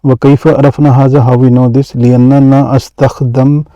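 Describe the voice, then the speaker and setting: A man teaching grammar in a hesitant, halting way, with frequent fillers and restarts. His voice is very dark and mellow, at an ordinary middle pitch. The sound is close and dry. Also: little pitch movement, no echo, highs cut off. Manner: hesitant, many fillers and restarts, reads Arabic quickly then translates. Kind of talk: explaining lesson examples.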